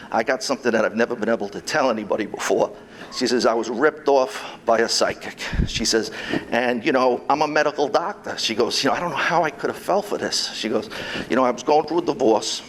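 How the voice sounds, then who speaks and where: Ex-cop guy telling stories on stage, middle pitch, acts out the dialogue, bit of room noise. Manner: animated storytelling, quotes others in dialogue. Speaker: private investigator and ex-cop. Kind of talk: convention talk telling stories. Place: convention hall.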